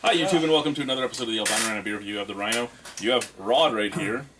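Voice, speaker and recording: A man's voice: medium pitch, racing, crowd noise. A man hosting a casual beer-tasting show, joking around with friends and describing aromas in detail. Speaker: beer review host.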